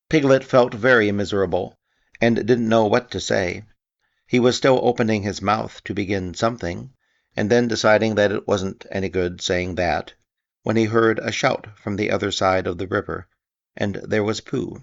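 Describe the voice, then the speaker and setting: A man narrating a classic children's story in a gentle, measured reading. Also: low-pitched, creaky, dry recording. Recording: dull, dry lo-fi recording.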